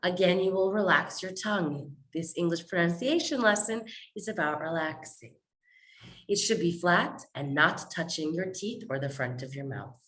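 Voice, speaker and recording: A woman teaches pronunciation. She explains clearly and stretches out example sounds for learners to copy. Her pitch sits a little low for a woman. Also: lively intonation, fairly bright tone, low-quality recording. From New York, USA. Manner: clear, instructive, models sounds slowly. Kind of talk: recorded pronunciation lesson.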